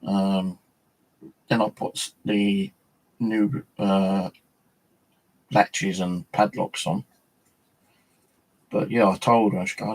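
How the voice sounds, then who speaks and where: A man's voice: deep voice, fairly even intonation, slow pace, gravelly, pauses often, rough recording. A middle-aged man telling a rambling, foul-mouthed story in casual chat, full of fillers. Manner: rambling, swears a lot, many fillers.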